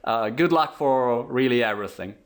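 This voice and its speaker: A man with an Italian accent interviews a guest at a conference. His voice sits at an ordinary middle pitch. He asks his questions haltingly, reaching for the right English words. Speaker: interviewer, host. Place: conference venue.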